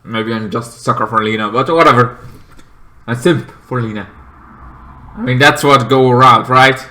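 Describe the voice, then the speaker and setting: One man casually reviews TV episodes at a normal pace, rambling and using many fillers. He keeps breaking into shrill, shouted imitations of the characters.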